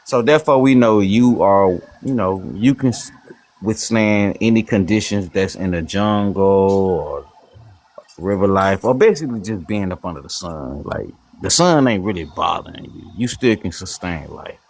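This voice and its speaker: A man's voice: low voice, lively intonation, normal speed, a little mellow. A man on a casual online panel, rambling and profane while he argues his point. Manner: rambling, profane, trash-talking. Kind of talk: heated casual panel debate.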